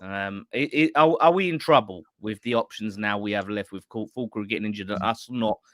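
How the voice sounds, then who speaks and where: Bloke hosting a footy fan show, bright punchy voice, dry close sound. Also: male voice, fairly low pitch, brisk, dry recording. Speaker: fan channel host. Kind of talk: casual pub-style football chat.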